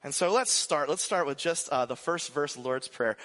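A man preaching a casual, conversational sermon as pastor, animated and full of restarts and asides. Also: on the high side, brisk. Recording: long hall reverb.

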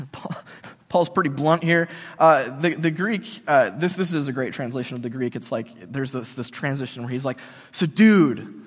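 A man preaching a sermon in a relaxed, chatty way, full of slang and fillers. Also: mid-range voice, moderate pace, big-room sound. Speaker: pastor.

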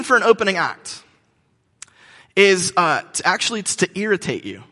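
Bright, high-voiced man preaching in a hall. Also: very animated, fairly quick. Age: 30s. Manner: joking storyteller, many fillers and restarts. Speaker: pastor. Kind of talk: sermon. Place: church hall. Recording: long hall reverb.

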